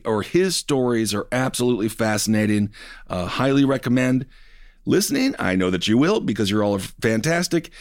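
A man hosting a podcast, talking in a loose, animated, joking way about news. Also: fairly low pitch, dry recording, clean studio sound. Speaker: podcast host. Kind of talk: casual political chat.

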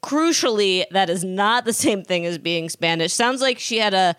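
A woman's voice: medium pitch, lively intonation, moderate pace, fairly bright tone, smooth, dry recording, studio quality. A woman co-hosting a casual gossip podcast, telling rambling, digressive stories. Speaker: podcast co-host.

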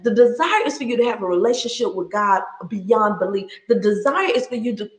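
A woman's voice: medium pitch, lively intonation, fairly quick. Woman, thirties, faith talk, passionate, laughs a lot, echoey room. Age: 30s. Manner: passionate, preacherly, laughs often. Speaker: speaker sharing her story. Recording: roomy echo.

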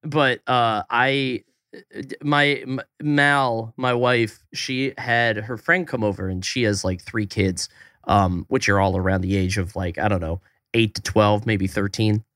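A man's voice: on the low side, fairly even intonation, fairly bright tone, no room sound, clean studio sound. A young man co-hosting a podcast, joking around and swearing casually as he chats. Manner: joking, swears freely, quick reactions. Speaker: podcast co-host and streamer.

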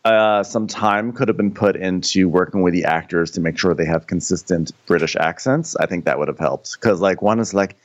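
A man co-hosting a podcast, chatting casually in a rambling, halting way with many restarts while recapping a TV episode. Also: sits low. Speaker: podcast co-host. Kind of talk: casual comedic recap chat.

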